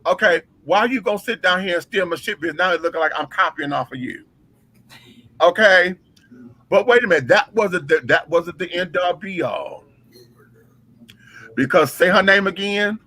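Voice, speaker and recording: A man's voice: sits high, expressive, moderate pace, long pauses, sharp tone, poor audio. A man telling a backstage story in a brash, profane, dramatic way, with features. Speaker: drag performer telling a story. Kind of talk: casual storytelling chat.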